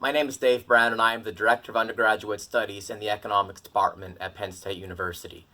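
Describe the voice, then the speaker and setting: A man's voice: on the low side, fairly even intonation, fast talker, sharp tone. A man, director of undergraduate studies, giving a formal, thankful commencement address.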